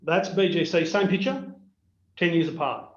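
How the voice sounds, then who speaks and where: A man's voice: on the high side, moderate pace. Australian man telling business stories. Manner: anecdotal, animated storyteller acting out dialogue. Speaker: business owner presenting to peers. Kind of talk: storytelling keynote on a video call. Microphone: video call. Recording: roomy, dull video-call audio.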